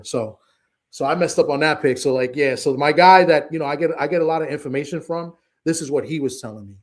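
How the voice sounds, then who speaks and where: Animated man retelling boxing gossip. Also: a little high, fast. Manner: animated, retells conversations with many restarts. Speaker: co-host. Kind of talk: casual live-stream chat.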